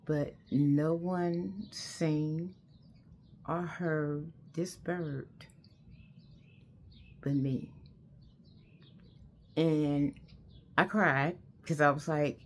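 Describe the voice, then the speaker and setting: An older woman tells a personal story, slow and unhurried, in a low-pitched voice. She rambles and repeats herself, earnest throughout. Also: steady tone.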